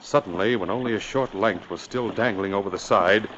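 Male narrator for a vintage radio adventure serial, crisp storytelling, muffled hissy audio. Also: lowish voice. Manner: brisk and dramatic, rising with the action. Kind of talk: 1950s radio drama narration. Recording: dull old radio recording with hiss.

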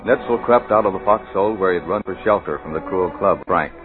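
A man narrating a radio drama in measured, dramatic storytelling. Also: deep voice, narrow, tinny audio. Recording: old radio broadcast with music, phone-thin.

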